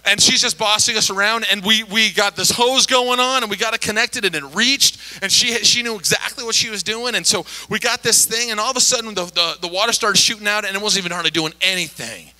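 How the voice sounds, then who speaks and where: A man's voice: sits high, brisk, hardly any pauses, rough recording. A middle-aged male pastor telling a story in a sermon, acting out the voices of the people in it. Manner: animated, acts out quoted voices.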